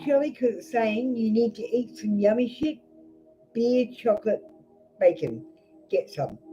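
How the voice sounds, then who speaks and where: A woman's voice: mid-range voice, dark tone. A woman with an Australian accent giving a blunt live tarot reading and swearing freely. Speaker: tarot reader. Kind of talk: live-streamed card reading. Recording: dull lo-fi stream audio.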